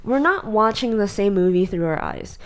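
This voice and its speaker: A woman co-hosting a podcast in casual chat, blunt and opinionated, telling stories in an animated way. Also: mid-range voice, normal speed, smooth. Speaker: podcast co-host.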